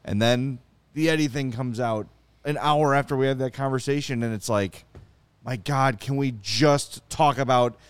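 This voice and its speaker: A man hosting a casual sports talk show, ranting in an animated, exasperated way and reading out viewer comments. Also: medium pitch, moderate pace, clean tone, no echo. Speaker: podcast host.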